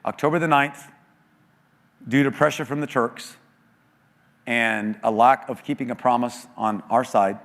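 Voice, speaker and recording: A middle-aged American man speaking at a church, telling an emotional story with earnest, animated delivery and quoted voices. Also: medium pitch, a little slow, long pauses. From United States. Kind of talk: storytelling talk. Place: large church auditorium. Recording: long hall reverb.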